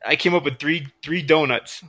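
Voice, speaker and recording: A man's voice: fairly high pitch, normal speed, bright, forceful tone, a little hiss or hum. A man trading crude, profane jokes with a friend while streaming, laughing often. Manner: profane, laughing, joking in a rowdy voice.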